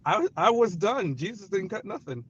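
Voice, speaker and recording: A man's voice: sits high, big pitch swings, moderate pace, a bit bright, slightly rough, dry recording, highs cut off. A man on a podcast panel joining over a remote line, chatty and a little defensive. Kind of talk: casual panel discussion.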